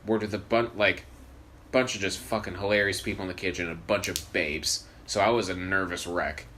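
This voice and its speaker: A man's voice: sits low, fairly even intonation, fairly quick, pushed and bright, slight background noise. A young man co-hosting a podcast, joking around in a laid-back way and swearing a lot. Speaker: podcast co-host. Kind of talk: casual chat.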